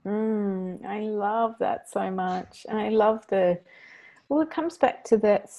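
A woman's voice: mid-range voice, takes it slowly, dark tone. A woman co-hosting a parenting podcast, affirming her partner and murmuring agreement. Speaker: podcast co-host. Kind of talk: warm podcast chat.

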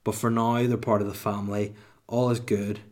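A man's voice: on the low side, level tone, normal speed, darkish tone. A man in his thirties hosting a comedy podcast alone, rambling through irreverent, sweary asides. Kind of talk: comedic solo podcast monologue.

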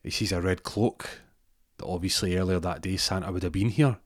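A man's voice: deep voice, a little fast, dry recording, clean studio sound. A man telling a comic story casually, rambling with restarts and asides.

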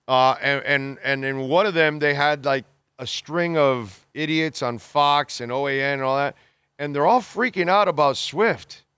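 A man with a fairly high, pushed and bright voice that sounds clear and resonant, with no room sound, hosts a podcast where he reads listener comments. His casual reactions are blunt and exasperated, with free swearing, halting restarts, and many fillers.

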